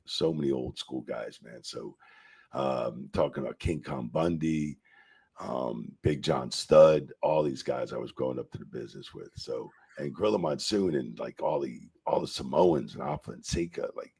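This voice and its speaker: A man's voice: extremely low pitch, normal speed, gravelly, darkish tone, slightly rough. A man, a retired wrestling referee telling stories in a casual interview, rambling and profane, full of "you know" and "man.".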